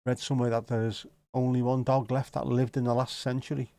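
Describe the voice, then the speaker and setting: A man with a Scouse accent chatting loosely on his livestream, drifting from one joke to the next and tossing in the odd swear word as he answers his viewers. His voice sits at an ordinary middle pitch. The sound is close and dry, with no room echo. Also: little pitch movement, a little fast, dark tone. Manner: rambling and jokey, swears casually. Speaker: livestream host. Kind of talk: casual livestream chat, answering viewer comments.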